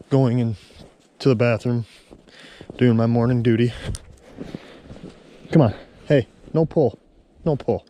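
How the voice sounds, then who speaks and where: A man in his thirties talks through his day while walking a trail outside. His voice is mellow and warm, and he tells the story in a heartfelt, rambling way. Faint outdoor noise sits behind him. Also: medium pitch. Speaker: vlogger. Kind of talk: casual walking vlog. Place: outdoors on a snowy trail walk.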